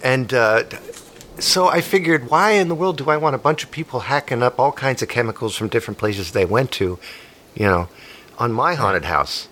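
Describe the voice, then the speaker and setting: An excitable man in his fifties hosting a comedy podcast, rambling from one joke to the next. His pitch jumps around a lot. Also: moderate pace, slight background noise. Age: 50s. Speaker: podcast host.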